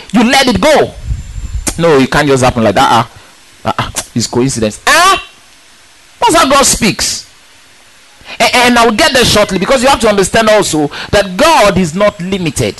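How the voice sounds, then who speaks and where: A man preaching a sermon in an emphatic, animated way, asking rhetorical questions and repeating words for stress. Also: very high-pitched, normal speed, a little hiss or hum, rough recording.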